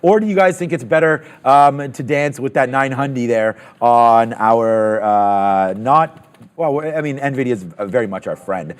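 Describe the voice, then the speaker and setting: A man hosting a live trading stream, talking through trades with excited asides and plenty of fillers. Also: mid-range voice, a little slow, clean tone. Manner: excitable, thinks aloud with fillers. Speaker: trading show host. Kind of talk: live market commentary.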